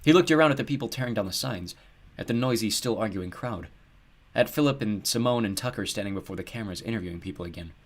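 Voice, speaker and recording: A man narrating an audiobook in a steady, measured storytelling voice. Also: fairly low pitch.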